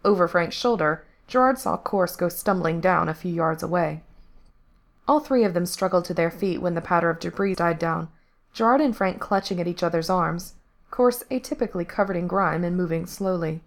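A woman reading fiction aloud in a steady, even narration. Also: lowish voice, normal speed. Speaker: story reader. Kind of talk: audiobook-style fiction reading.

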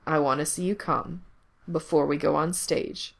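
A woman voicing a teasing, possessive young man in control, speaking low and murmuring close to the ear. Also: fairly even intonation, moderate pace, gravelly, a bit bright. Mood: teasing, commanding.

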